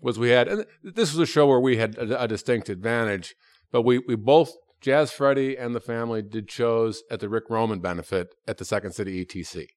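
A man's voice: medium pitch, no echo, studio quality. A middle-aged man, an improviser, reminiscing in casual chat with frequent restarts and swearing. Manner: halting, full of restarts and profanity.

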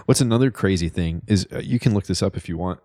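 Young male podcast co-host, very deep voice, dry close mic, jokey and teasing. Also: fast talker, dark tone, dry recording. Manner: jokey, teasing, reads aloud from websites. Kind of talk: casual podcast chat.

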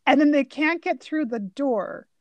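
A woman co-hosting a casual film chat, recounting scenes quickly with laughter. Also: high voice, animated, darkish tone, no echo, muffled recording. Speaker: podcast co-host.

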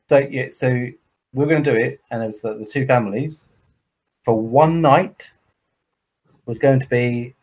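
An English podcast co-host with a middle-pitched voice talks in loose, rambling chat. He swears freely and acts out the people in his stories with quick put-on voices. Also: darkish tone, rough recording. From England. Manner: sweary storyteller, acting out others in voices.

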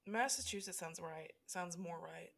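Hesitant, gravelly-voiced woman podcaster. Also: lowish voice, moderate pace. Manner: hesitant, full of ums and likes. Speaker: podcast co-host. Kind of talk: casual podcast chat.

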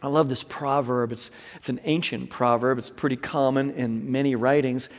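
A man preaching a sermon as pastor, moving from hushed, whispered passages to loud, shouted exhortation. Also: medium pitch, steady tone, normal speed, hardly any pauses, big-room sound.

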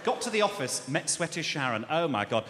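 A man with a Birmingham accent telling a stand-up story, animated and exasperated. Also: a little high, fairly quick. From England. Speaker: comedian. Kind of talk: stand-up comedy. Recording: live hall with audience noise. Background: audience laughter.

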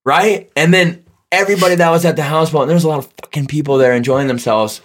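A man's voice: a little high, fast. A young man on a podcast telling casual, profane, joking stories about himself. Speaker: podcast co-host. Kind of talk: casual chat.

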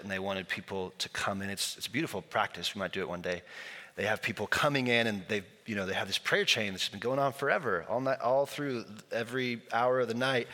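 A man's voice: mid-range voice, bright, forceful tone. A man preaching a sermon as pastor, talking in a conversational, storytelling way and acting out the people in his stories. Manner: conversational, storytelling with acted quotes. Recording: long hall reverb.

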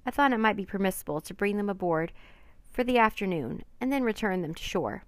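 A woman's voice: medium pitch, animated, fairly quick, dry recording, lightly acted. A woman voicing a polite, nervous young male scientist who pleads his case. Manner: polite, eager to please.

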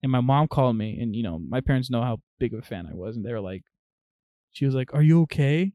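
Animated young man telling stories casually. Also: medium pitch, fast, no room sound, phone-quality sound. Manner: animated storytelling, swears often. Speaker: podcast co-host. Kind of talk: casual chat.

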